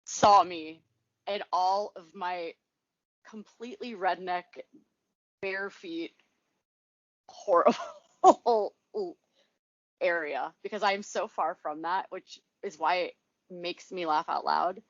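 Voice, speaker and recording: A woman co-hosting a casual podcast, giggly and expressive, who swears and then corrects herself. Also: on the low side, a little slow, no room sound. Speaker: podcast co-host. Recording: dry, slightly lo-fi remote audio.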